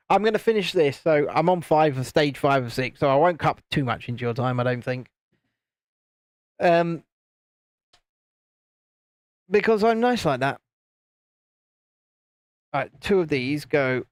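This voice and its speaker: A chatty British livestream host reads viewer comments aloud and laughs often as he assembles a model. His voice is fairly high-pitched, and the recording is dry.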